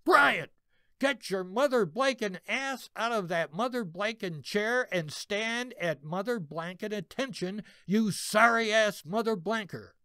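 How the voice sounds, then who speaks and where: A man voicing a gruff male army first sergeant who barks orders and curses. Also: fairly high pitch, animated, measured pace, darkish tone, no room sound, studio quality. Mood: bellowing. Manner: barking orders, cursing.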